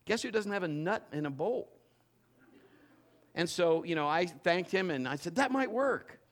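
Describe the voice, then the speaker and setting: A male pastor preaching to his congregation, telling a personal story in an animated way, with self-mocking humor and frequent restarts. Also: fairly high pitch, moderate pace. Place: church before a congregation.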